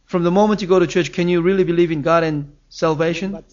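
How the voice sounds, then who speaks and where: A man's voice: high-pitched, steady tone, fast, darkish tone, dull audio. A man preaching a sermon as pastor, earnest and emphatic, his voice rising on key phrases.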